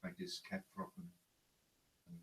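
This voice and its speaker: A man in the class asking the teacher a question, hesitant and halting with many pauses. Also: high-pitched, completely flat delivery, vocal fry, pushed and bright. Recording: distant from the mic.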